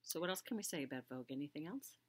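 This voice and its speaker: A woman's voice: deep voice, expressive, racing. A woman co-hosting a knitting shop video, chatting casually and often searching for words with fillers. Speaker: yarn shop co-host. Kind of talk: casual chat.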